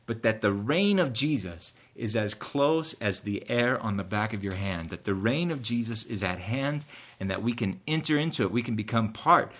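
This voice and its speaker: Man, pastor, sermon, bright clear tone, earnest emphatic delivery. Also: lowish voice, expressive, moderate pace. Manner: earnest preaching, rising with emphasis at key points.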